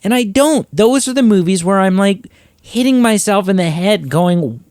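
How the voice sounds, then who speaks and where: A man hosting a movie podcast, ranting in an exasperated, animated way in casual chat. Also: sits high, moderate pace, dry recording, clean studio sound. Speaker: podcast host.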